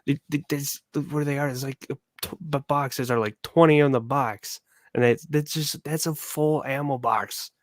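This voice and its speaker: A man's voice: on the high side, steady tone, moderate pace, no room sound. Rambling man with a dry sound. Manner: rambling, many fillers. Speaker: co-host. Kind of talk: casual chat.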